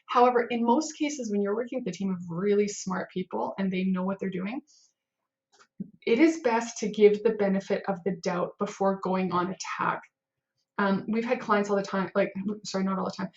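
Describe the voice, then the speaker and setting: On a dull-sounding recording, a woman who heads a web development team chats to camera with loose, casual advice. Her mid-range voice moves at a moderate pace, and she rambles with plenty of fillers and mock episodes of inner panic.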